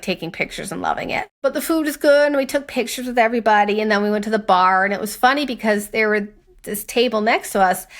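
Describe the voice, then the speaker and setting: A young woman co-hosting a podcast, telling a story in casual chat, animated and profane, acting out other people's lines. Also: on the high side. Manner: animated, swearing, acts out quoted voices. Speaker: podcast co-host.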